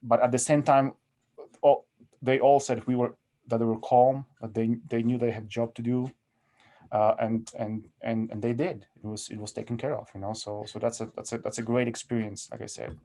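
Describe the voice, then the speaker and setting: A man with a Polish accent, speaking as a podcast guest, talking haltingly with many repeated words and fillers. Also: mid-range voice, little pitch movement, dark tone. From Poland. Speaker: guest, sheriff's deputy. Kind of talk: casual podcast interview.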